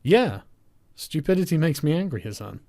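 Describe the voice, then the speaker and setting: A man's voice: fairly high pitch, big pitch swings, moderate pace, darkish tone, no echo, clean studio sound. A man delivering a sarcastic, scornful reaction commentary.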